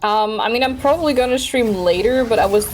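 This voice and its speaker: A woman's voice: a little high, a little fast, soft background music, low-quality recording. A woman streamer chatting casually with friends, easygoing and a little self-conscious, rambling as she thinks. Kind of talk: casual chat between gamer friends.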